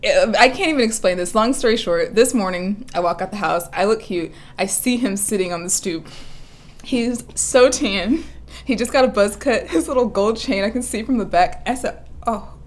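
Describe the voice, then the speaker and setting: A young woman co-hosting a podcast, telling a story in a giggly, animated, casual way. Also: medium pitch, moderate pace, a little hiss or hum. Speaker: podcast co-host. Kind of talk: casual chat.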